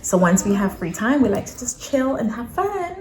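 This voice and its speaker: A woman in her thirties co-hosting a casual couple Q&A, blunt and quick to laugh. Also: a little high, crowd noise. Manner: lively, blunt, laughs often. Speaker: co-host of couple channel. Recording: echoey room with faint hum.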